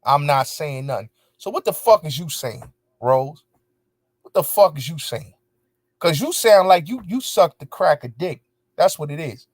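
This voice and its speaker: A man's voice: on the high side, big pitch swings, unhurried, dry recording, clean studio sound. Angry, profane man ranting. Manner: angry, profane, repetitive, emphatic. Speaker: show host. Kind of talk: heated commentary rant answering viewers.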